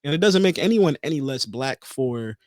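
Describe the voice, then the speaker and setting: Early 20s guy on a podcast, animated and jokey, bouncy voice, dry close mic. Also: mid-range voice, moderate pace, no echo. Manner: animated, joking, loud laughs. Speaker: podcast co-host. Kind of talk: casual chat.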